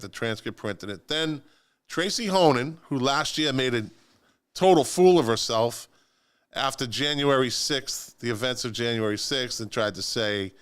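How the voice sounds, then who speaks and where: A man co-hosting a political chat show from a studio, telling the story in an animated, sarcastic way. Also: mid-range voice, smooth. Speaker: co-host of a local politics livestream. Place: radio studio.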